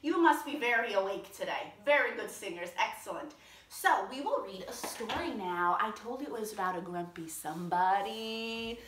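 Lively, bright-voiced woman reading to kids. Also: medium pitch, moderate pace. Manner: animated and encouraging, with playful made-up words. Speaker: children's librarian. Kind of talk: storytime read-aloud for kids.

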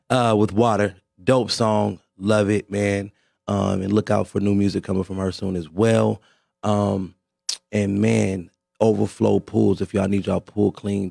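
A man's voice: fairly low pitch, gravelly, a little mellow, husky, no room sound, studio quality. A man hosting a radio show in a laid-back, slangy way, repeating himself and talking straight to his listeners. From Las Vegas. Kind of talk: casual radio show talk.

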